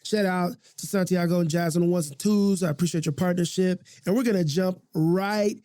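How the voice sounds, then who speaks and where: A man's voice: sits high, fairly even intonation, a little fast, mellow, no room sound. A man hosting a podcast in a recording studio, talking in a casual, passionate, slangy way and often repeating himself. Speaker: podcast host. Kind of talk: casual, heartfelt podcast talk.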